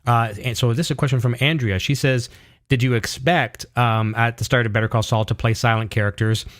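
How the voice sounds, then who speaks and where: A male host reads listener questions aloud and keeps the conversation moving. He backs up his guests with steady short affirmations. His voice sits at a middle pitch. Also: brisk. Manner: supportive, with many affirmations. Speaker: podcast host. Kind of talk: interview, reading fan questions.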